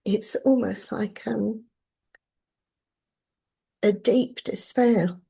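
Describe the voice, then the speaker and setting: A woman's voice: medium pitch, fairly even intonation, drawn-out words, gravelly, warm tone, husky. A woman in her sixties sharing personal struggles in a healing session, hesitant and emotional, with many ums. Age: 60s. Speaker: session participant.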